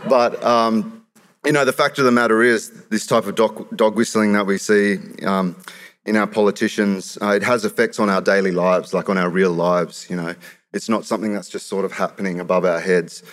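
A man with an Australian accent performing spoken-word poetry on stage, with a rhythmic, punchy delivery that rises to shouts. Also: lowish voice, fairly even intonation, moderate pace. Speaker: performance poet. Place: stage in a large hall. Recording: reverberant hall with live audience.

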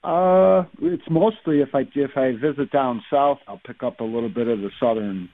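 A man calling in to a radio show, speaking in a hesitant, halting way. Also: medium pitch, dry recording. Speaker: caller. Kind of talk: casual phone-in chat. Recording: tinny phone line.

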